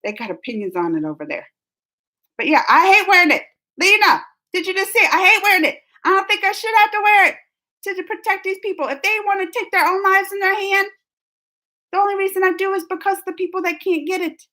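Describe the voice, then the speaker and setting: High-voiced woman chatting on a live stream. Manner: rambling, animated and indignant, with quick laughs. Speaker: streamer reading live chat. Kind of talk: casual live-stream chat.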